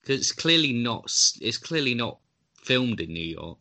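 A man's voice: mid-range voice, sing-song, normal speed, sharp tone. A man co-hosting a podcast, asking wry questions about the film. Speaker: podcast co-host. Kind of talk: casual chat.

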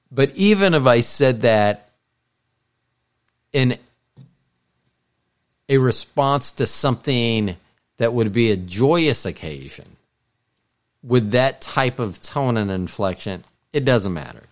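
A man's voice: fairly low pitch, clean tone. A middle-aged man co-hosting a podcast, talking in a casual, meandering way with frequent restarts and self-corrections. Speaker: podcast co-host. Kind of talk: casual rambling monologue.

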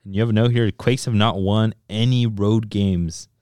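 A man co-hosting a soccer podcast in casual, animated chat, swearing freely and switching into Spanish. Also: on the low side, moderate pace, clear, resonant tone, dry recording, clean studio sound.

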